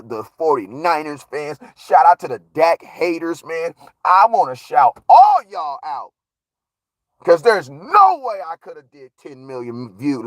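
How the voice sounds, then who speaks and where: A man hosting a casual live stream, giving viewer shout-outs in a slangy, hyped way that swings from low mutters to loud shouts. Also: dry recording. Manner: slangy, repeats catchphrases. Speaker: livestream host.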